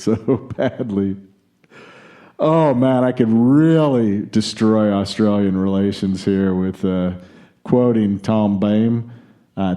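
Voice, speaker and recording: An American man hosts a casual podcast and chats through the news. His voice is very dark and mellow and sits fairly low. He drifts into jokey, opinionated asides. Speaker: podcast host.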